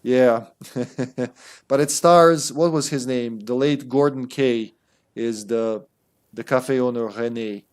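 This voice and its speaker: A man's voice: mid-range voice, slow, clean tone. A man streaming a video game, chatting casually and rambling with lots of fillers and restarts. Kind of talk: casual gameplay commentary.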